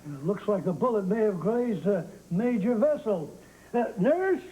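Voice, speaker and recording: An actor playing a brisk, commanding small-town doctor in a soap opera. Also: male voice, high-pitched, sing-song, dark tone, slight background noise, poor audio. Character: brisk male country doctor.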